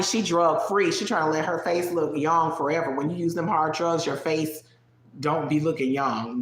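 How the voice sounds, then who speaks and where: Casual storytime chat, rambling and digressive, addresses the chat, mid-pitched voice, echoey room. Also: a little slow, fairly bright tone. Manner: chatty, digressive, talks to viewers in chat. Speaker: livestream storyteller. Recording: roomy echo.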